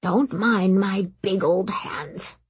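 A woman voicing a tall, gentle old male master mage who is fond of animals, with a light, breathy voice and a soft, doting murmur. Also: mid-range voice, takes it slowly, no room sound. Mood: tender.

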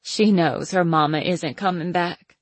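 A woman voicing a hoarse, worn-out older grandmother in an audiobook, with a slow, heavy, phlegmy delivery. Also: on the low side, steady tone, no echo. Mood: tearful. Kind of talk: audiobook character voice.

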